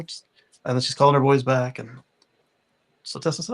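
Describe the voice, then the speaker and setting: A man's voice: mid-range voice, flat delivery, brisk, gravelly, fairly bright tone. A man co-hosting a podcast, chatting casually and rambling with many restarts. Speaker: podcast co-host. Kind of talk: casual panel chat.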